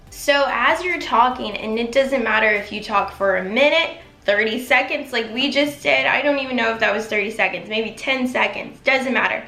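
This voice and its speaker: Upbeat woman vlogger coaching her viewers, crisp, fairly high voice, roomy echo. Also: moderate pace, few pauses, bright, forceful tone. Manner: upbeat, encouraging, addresses viewers directly. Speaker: manifestation coach. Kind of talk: instructional vlog talk. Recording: echoey room.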